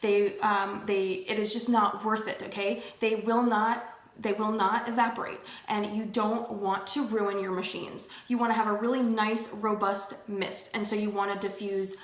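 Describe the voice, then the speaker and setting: A woman's voice: mid-range voice, level tone, moderate pace, reverberant. A woman hosting a casual home talk on essential oils, chatty and reassuring, with lots of fillers. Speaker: host of an essential oil show. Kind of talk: casual live-stream talk.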